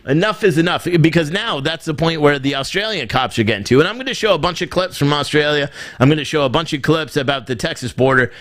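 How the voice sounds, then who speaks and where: A man's voice: fairly high pitch, expressive, quick pace, hardly any pauses, fairly bright tone. A man hosting his own livestream show, talking casually and ranting in an irritated, exasperated way, swearing now and then. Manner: angry, exasperated, swears freely.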